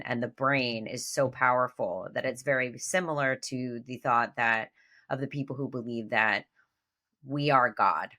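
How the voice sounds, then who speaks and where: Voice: mid-range voice, sharp tone. A speaker in a casual conversation, reflecting aloud and searching for the right words.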